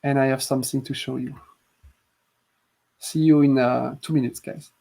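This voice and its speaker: Chatty stream host. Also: male voice, medium pitch, little pitch movement, vocal fry, mellow, low-quality recording. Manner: chatty, asks many quick questions. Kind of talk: live stream chat.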